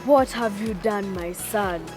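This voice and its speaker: A woman voicing a gentle, fatherly God in a children's story, speaking calmly and patiently. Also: medium pitch, takes it slowly, faint music behind, voice pushed down, lightly acted. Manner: gentle, calm and questioning.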